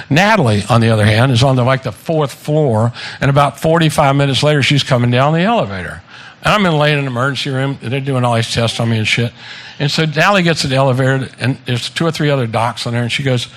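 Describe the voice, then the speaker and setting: Holding a handheld microphone at a party with guests around, a man in his seventies gives a casual, joking birthday speech, swearing freely and laughing at his own stories. His voice is mid-range and fairly bright, he speaks fairly quickly, and there's slight background noise.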